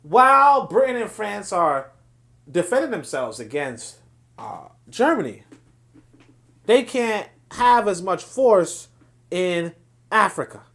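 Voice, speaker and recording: A man's voice: high voice, big pitch swings, slow pace, vocal fry, long pauses, fairly bright tone. A man hosting a political livestream, reading viewer chat and commenting in a passionate, digressive way with frequent restarts.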